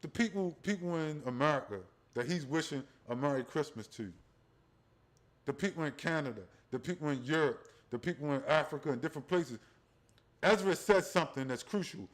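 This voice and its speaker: A man's voice: fairly high pitch, fairly quick. A man hosting a profane religious commentary livestream, rambling and talking straight to his viewers, often tacking on "right?". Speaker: livestream host.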